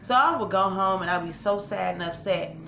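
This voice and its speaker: A woman's voice: mid-range voice, fairly quick, vocal fry, noisy background. A woman in her forties from Los Angeles, rambling through a long story as she eats on camera and corrects herself as she goes. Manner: rambling, chatty, self-correcting. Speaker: eating-show vlogger. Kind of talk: storytelling while eating on camera. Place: room at home, seated in a chair. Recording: roomy room with faint background music.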